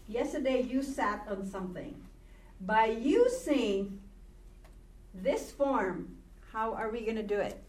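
A woman teaching a grammar class at an unhurried, deliberate pace, patiently sounding out words and coaxing students to repeat after her. She is recorded from across an echoey classroom with faint background ambience. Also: on the high side, darkish tone, slight background noise. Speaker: Hebrew teacher. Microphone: recorded from a distance. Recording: echoey room, distant mic, faint ambience.

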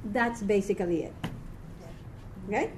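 A tired woman teaching a live reading class, chatty, quick to laugh and correct herself. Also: medium pitch, darkish tone, slight background noise.

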